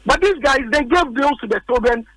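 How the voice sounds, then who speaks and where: Ghanaian man pressing a political case in a radio studio, high-pitched, dry close sound, repeats himself for emphasis. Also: lively intonation, fairly quick, fairly bright tone, dry recording, low-quality recording. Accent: Ghanaian English. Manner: emphatic, repeats points, rhetorical questions. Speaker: political commentator. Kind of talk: heated political argument on radio.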